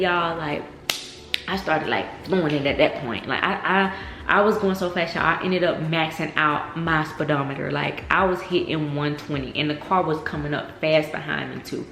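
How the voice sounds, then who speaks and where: A young woman telling a storytime vlog, animated and chatty, often saying "y'all.". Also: low voice, normal speed, soft background music. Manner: animated, addresses viewers as y'all, many fillers. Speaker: vlogger. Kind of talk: casual storytime. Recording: echoey room with faint noise.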